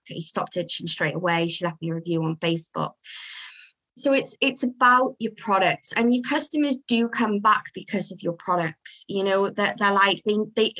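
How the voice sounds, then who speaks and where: A woman's voice: medium pitch, low-quality recording. A woman, a dog groomer, chatting in an interview and acting out what her customers say. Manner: chatty, animated, acts out customers' voices. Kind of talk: casual interview chat.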